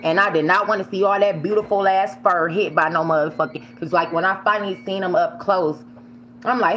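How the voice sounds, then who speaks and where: A woman casually telling a story while she eats on camera, animated and swearing freely, sometimes shrieking the words she yelled. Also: lowish voice, brisk, highs cut off. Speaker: vlogger.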